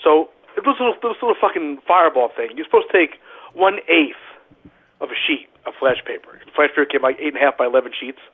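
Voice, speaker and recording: A man spins wild stories in a rambling, profane way, checking in with "right?" as he goes. His voice sits a little high and husky, squeezed through a thin, phone-like line. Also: fast talker. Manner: animated, profane anecdote-telling with frequent "right?". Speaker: guest, former pro wrestler. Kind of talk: casual storytelling on a podcast.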